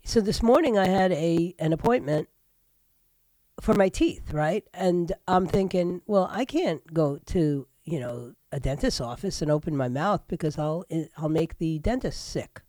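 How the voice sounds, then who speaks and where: A woman's voice: on the low side, animated, a little slow, warm tone, dry recording. An older woman hosting a talk radio show, sick with a stuffy nose and a nasal voice, rambling in a chatty monologue full of fillers.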